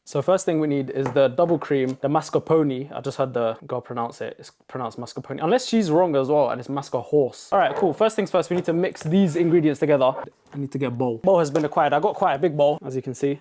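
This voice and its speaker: A man's voice: medium pitch, warm tone, a little hiss or hum. A young man, chatting casually and cracking jokes while he bakes in a kitchen. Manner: jokey, rambling asides. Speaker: baking vlogger. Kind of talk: casual cooking vlog.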